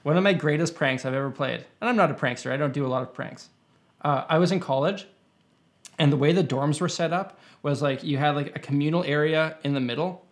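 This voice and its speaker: Young man, slightly higher voice, loose rambling storyteller in relaxed chat. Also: fairly quick. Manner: rambling anecdote with many fillers and restarts. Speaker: podcast guest. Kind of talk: casual conversation, storytelling.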